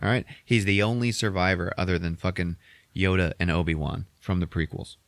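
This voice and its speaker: Man retelling a film, lots of swearing, deep voice, dry close sound. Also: fairly even intonation, a bit bright, no room sound. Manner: swears constantly, acts out characters in quick voices. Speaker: podcast host recapping a movie. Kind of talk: profane casual movie recap.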